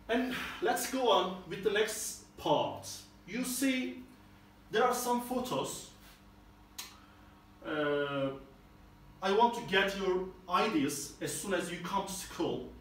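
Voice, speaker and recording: A man teaching an English lesson, explaining each answer step by step in a slow, careful way. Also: high voice, expressive, fairly bright tone, slight background noise. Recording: echoey room from far off.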